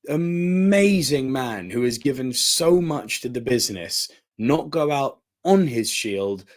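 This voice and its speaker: Excitable man reviewing wrestling. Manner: excitable, bursts into laughter and high exclamations. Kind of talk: enthusiastic review monologue.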